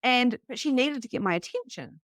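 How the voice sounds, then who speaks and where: A New woman in her thirties telling a personal story to a live group, animated and casual, swearing freely. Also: fairly high pitch, brisk, dry recording, clean studio sound. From New Zealand. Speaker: psychic medium teaching beginners.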